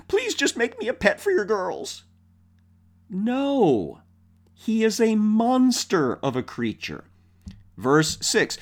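With a fairly high-pitched voice, this man works through a Bible passage one verse at a time. He reads each portion aloud, then unpacks it in a conversational manner, often using rhetorical questions and fillers.

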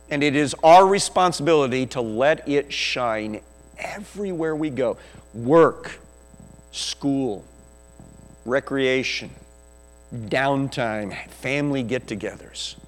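A man preaching a sermon as a pastor, with slow, emphatic delivery. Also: on the high side. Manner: slow, emphatic preaching that drops to a quiet prayer. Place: church sanctuary. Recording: echoey church hall with mains hum.

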